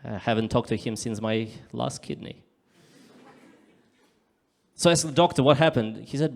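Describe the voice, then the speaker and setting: A man performing live stand-up comedy on a club stage, delivering deadpan punchlines and bursting into loud acted-out voices. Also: lowish voice, moderate pace, vocal fry, long pauses.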